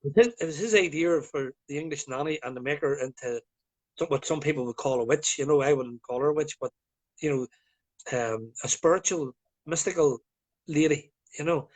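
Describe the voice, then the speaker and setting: A man from Northern Ireland, with the accent to match, chats casually as a guest on a live video call. He tells rambling stories packed with fillers, speaking briskly in a slightly high voice.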